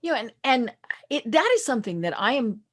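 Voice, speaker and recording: A woman hosting a podcast interview, lively and quick, chatting casually and easily wound up. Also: on the high side. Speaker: podcast host.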